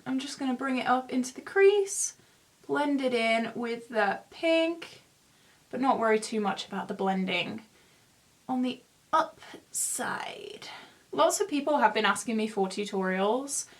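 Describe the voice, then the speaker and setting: A young woman in her twenties chatting in a rambling, self-mocking way while doing her makeup for a beauty vlog. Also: high-pitched. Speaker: beauty vlogger. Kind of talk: casual get-ready-with-me chat.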